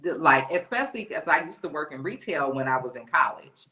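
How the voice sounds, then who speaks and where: A woman from New Orleans hosts a casual talk with a bright, forceful tone over a lowish voice. She tells her stories in an animated, emphatic way, leaning into each point. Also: fairly quick, slightly rough. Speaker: host. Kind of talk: casual chat.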